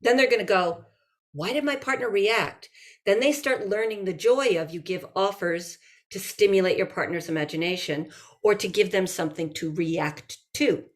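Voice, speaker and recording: A woman's voice: on the low side, normal speed. A woman who teaches improv reads a passage aloud and explains it in an interview, acting out the lines she quotes. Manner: lively, acts out quoted lines.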